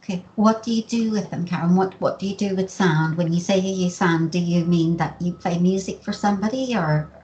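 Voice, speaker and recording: A woman's voice: on the low side, a little fast, few pauses, a little mellow, lo-fi sound. A woman host on a video call, asking questions politely with many hesitations. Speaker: radio host. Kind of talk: interview questions.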